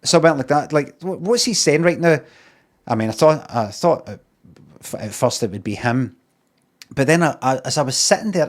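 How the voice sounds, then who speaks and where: Speaking at a normal speed in an animated, slightly high voice, a Scottish streamer rambles on casually. His talk is sweary and peppered with ums and uhs.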